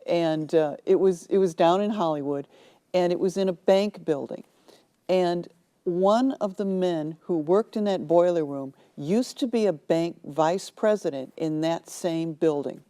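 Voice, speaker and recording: A woman author telling lively anecdotes in a TV studio interview, acting out the people in them. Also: lowish voice, a little slow. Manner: animated storyteller, acts out quoted voices. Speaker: author guest.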